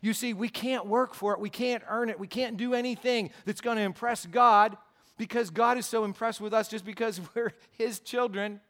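A man with a notably high speaking voice delivers a Sunday sermon. He preaches earnestly, circling back on key phrases and posing rhetorical questions to his listeners. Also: a bit bright. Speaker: pastor.

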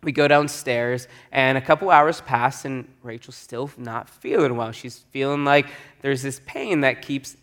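A man's voice: medium pitch, measured pace, fairly bright tone. A man in his thirties, a pastor telling a personal story in a sermon and acting out the voices of the people in it.

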